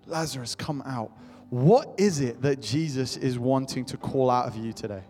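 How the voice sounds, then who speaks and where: A man's voice: mid-range voice, animated, moderate pace, dark tone. A young adult man preaching a sermon to his church, passionate and repetitive, calling out to the congregation. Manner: impassioned, repetitive calls to the congregation. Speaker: pastor. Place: church hall. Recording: long hall reverb with faint music.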